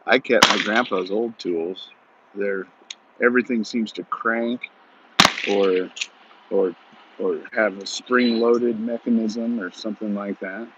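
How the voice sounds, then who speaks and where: Folksy low-voiced man telling a rambling story. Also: fairly even intonation, slow pace, background noise. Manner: rambling folksy, many "you know" and "he goes". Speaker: vlogger. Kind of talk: casual storytelling monologue. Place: outdoors at shooting practice. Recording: muffled audio with loud gunfire.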